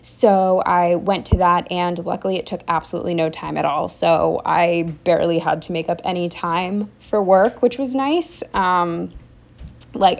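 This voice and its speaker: A woman's voice: lowish voice, gravelly. Chatty young woman rambling through her week. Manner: chatty, rambling, frequent fillers and restarts. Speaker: vlogger. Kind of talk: casual diary-style chat.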